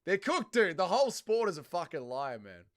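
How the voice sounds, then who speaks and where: Australian male streamer, profane banter, crisp and sharp tone. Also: high-pitched, huge pitch swings, moderate pace. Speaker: livestream host. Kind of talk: casual livestream chat, reading viewer comments.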